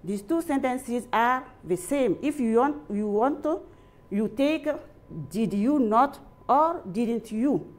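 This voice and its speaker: Very slow, dictating Malian woman teacher. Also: a little high, lively intonation, a little mellow. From Mali. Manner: repeats each phrase slowly, as if dictating. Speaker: English teacher. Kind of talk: dictated grammar lesson.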